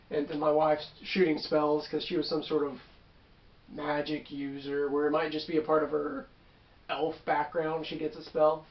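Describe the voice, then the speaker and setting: Brief: chatty game master, man, high-ish voice, rambling with asides, dull roomy sound. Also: completely flat delivery, unhurried, pauses often. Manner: rambling, with asides and self-corrections. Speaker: tabletop game master recounting a session. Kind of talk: casual storytelling.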